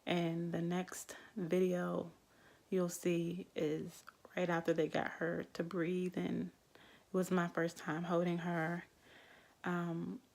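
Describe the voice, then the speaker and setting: Slow gravelly-voiced young woman. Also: fairly low pitch, monotone, darkish tone. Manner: slow, reflective, heartfelt. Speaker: vlogger telling her birth story. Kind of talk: personal storytelling to camera.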